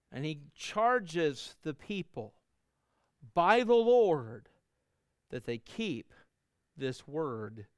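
Earnest preaching man with smooth voice. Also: mid-range voice, dry recording, studio quality. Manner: earnest preaching, swells louder then drops to soft endings. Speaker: pastor. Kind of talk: sermon.

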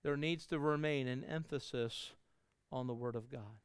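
Middle-aged man, pastor delivering a sermon; earnest, rising and falling delivery, mid pitch, clean dry close mic. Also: moderate pace, clear, resonant tone, no room sound. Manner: earnest preaching, swells louder then drops to soft endings.

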